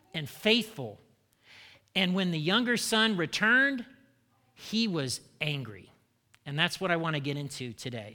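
A man's voice: high voice, bright, forceful tone, in a large hall. A male pastor preaching a sermon, engaging the congregation with rhetorical questions.

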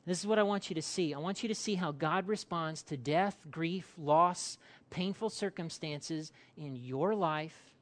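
A male pastor delivering a sermon in an animated way, acting out quotes and quizzing his congregation. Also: a little high, unhurried.

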